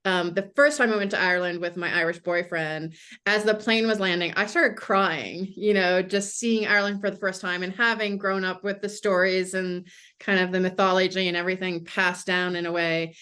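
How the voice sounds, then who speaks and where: A woman's voice: fairly low pitch, steady tone, normal speed, pushed and bright, clean tone. An American woman, a mystery author, talking casually in an interview with many "you know" fillers. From United States. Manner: chatty, frequent "you know" fillers, laughs easily.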